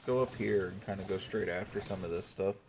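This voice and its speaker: A man's voice: deep voice, a little fast, a little mellow, a little hiss or hum. A young man streaming a strategy game, thinking aloud to his chat and swearing when irritated. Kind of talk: casual gameplay commentary to chat.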